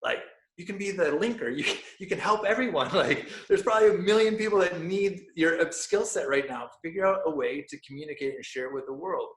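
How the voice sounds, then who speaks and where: A man guest on a podcast, telling a personal story with animated energy and frequent laughs, dropping to hushed tones for quoted lines. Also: on the high side, a little fast, few pauses, slight background noise. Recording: roomy echo.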